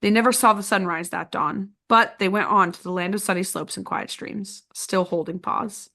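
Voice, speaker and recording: Woman, podcast host, bright voice, expressive reader, casual book chat. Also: mid-range voice, normal speed. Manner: reads aloud expressively, chats with restarts and fillers.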